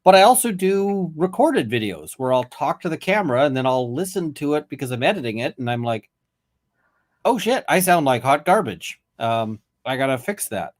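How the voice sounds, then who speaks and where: A man's voice: mid-range voice, very animated, brisk, few pauses. Casual swearing male host. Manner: casual, swearing, tangent-prone. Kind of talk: casual chat.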